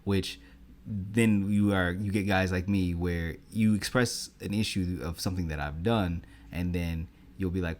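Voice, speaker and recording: A man co-hosting a casual podcast chat, talking in a lively way and acting out both sides of an argument. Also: deep voice, a little slow. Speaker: podcast co-host.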